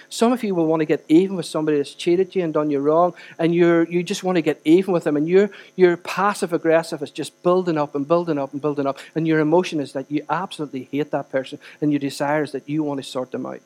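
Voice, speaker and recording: A pastor with a fairly high voice preaches in a church, talking to the congregation in a conversational way and asking them direct questions. He swings from loud, pressing stretches to hushed ones. A low mains hum runs under the recording. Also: quick pace, hardly any pauses. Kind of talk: sermon.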